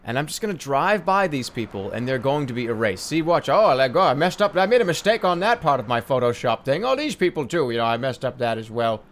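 A man's voice: mid-range voice, sing-song, brisk, few pauses. A man giving sarcastic, exasperated let's play commentary, swearing and laughing at a glitchy game. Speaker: gaming commentator.

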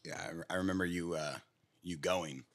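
A man's voice: deep voice, fairly even intonation, moderate pace. A man hosting a podcast, asking his guests easygoing questions in casual chat. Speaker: podcast host.

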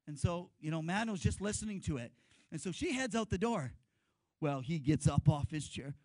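A male pastor giving a lively sermon, telling stories and leading the congregation in call-and-response. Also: fairly high pitch, normal speed, no echo, low-quality recording.

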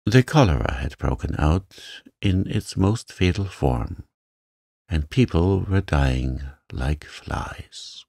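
A man narrating a sleep story for adults in a calm, gentle reading voice. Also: sits low, gravelly, no echo, studio quality. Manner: slow, soft and gentle.

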